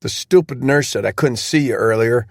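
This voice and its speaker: A man voicing a wounded young male soldier who cracks jokes and talks excitably. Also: mid-range voice, moderate pace, creaky, no echo, clean studio sound, voice pushed up. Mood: joking, eager. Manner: wisecracking and excitable.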